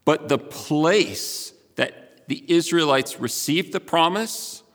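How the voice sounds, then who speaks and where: A man's voice: a little high, lively intonation, slow, a bit bright. A man preaching a sermon as pastor, earnest and conversational with frequent restarts. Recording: long hall reverb.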